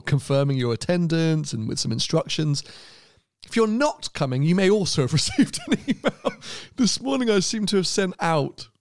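A man's voice: on the high side, no echo. A man co-hosting a podcast, chatting casually and laughing often as he rambles through asides. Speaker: podcast co-host. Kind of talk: casual chat.

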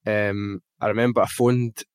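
A fairly low, smooth male voice with a Glaswegian Scottish accent speaks at a moderate pace, free of room sound. As a podcast guest, he tells a personal story frankly and with emotion, animated and swearing freely in casual talk.

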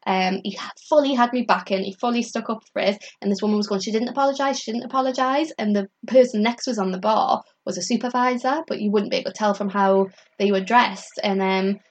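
A young woman telling a story in casual chat. She talks in a chatty, animated way, full of "like" fillers, and often acts out what other people said. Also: mid-range voice, fairly quick, hardly any pauses. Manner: laughs often mid-story. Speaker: comedian guest telling stories.

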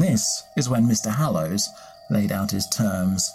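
Storyteller reading a folk tale, slow and animated, soft music underneath. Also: mid-range voice. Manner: measured, expressive storytelling. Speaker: podcast storyteller. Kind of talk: scripted folk-tale narration.

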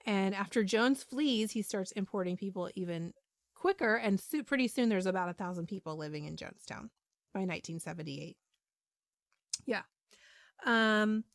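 A woman's voice: medium pitch, no room sound, clean studio sound. A woman podcast host retelling a story in casual, chatty talk with frequent ums and asides.

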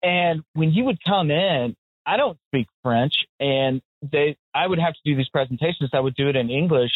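Casting: American man, casual podcast talk, blunt animated storyteller, dry thin phone-like sound. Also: on the high side, normal speed, breathy edge, no room sound. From United States. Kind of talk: casual chat. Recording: tinny phone-like audio, dry.

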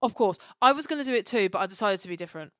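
Excitable woman co-host, gushing chat, dry close sound. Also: medium pitch, very fast, no room sound. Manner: gushing, excitable, acts out quotes. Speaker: podcast co-host. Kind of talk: casual chat.

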